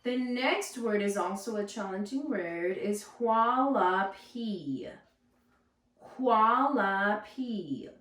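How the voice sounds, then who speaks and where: A woman's voice: medium pitch, animated, a little slow, few pauses, far from the mic. A woman teaching first graders, reading a lesson aloud and patiently sounding out hard words. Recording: echoey room, voice off-mic.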